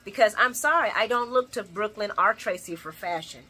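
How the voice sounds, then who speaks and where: A woman's voice: mid-range voice, brisk, pushed and bright, husky. A woman recapping a soap opera in casual chat, sassy and opinionated, laughing often as she talks.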